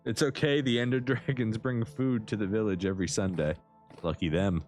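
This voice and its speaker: A man's voice: fairly low pitch, steady tone, moderate pace, a little mellow, faint music behind. A man streaming a survival game live, chatting and joking at the characters. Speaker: livestreaming gamer. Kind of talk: live gameplay commentary.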